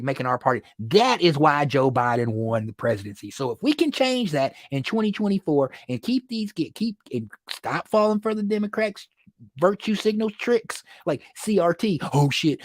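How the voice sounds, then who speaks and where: A man with a mid-range voice hosts his own weekly livestream from his studio, chatting casually and often joking and laughing. He's captured through a phone or computer livestream, with no room sound.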